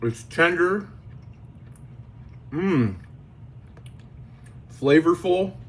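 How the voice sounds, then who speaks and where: On the high side and animated, his voice stretches out words as he hosts his card collecting channel. He samples jerky at home for a casual product review, chatting eagerly and exclaiming while eating.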